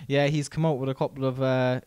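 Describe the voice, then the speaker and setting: A man's voice: mid-range voice, level tone, brisk, a little mellow, clean tone, no echo, studio quality. A man co-hosting a podcast, rambling casually with restarts and slang. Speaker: podcast co-host. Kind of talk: casual chat.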